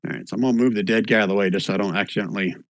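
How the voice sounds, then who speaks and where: A man running a tabletop game online as dungeon master, relaxed and thinking aloud as he rules. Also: on the low side, very fast, no echo.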